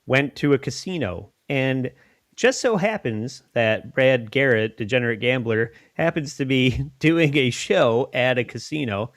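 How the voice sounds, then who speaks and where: A man's voice: medium pitch, lively intonation, measured pace, no room sound, clean studio sound. A man hosting a podcast in casual chat, rambling and often laughing. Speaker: podcast host.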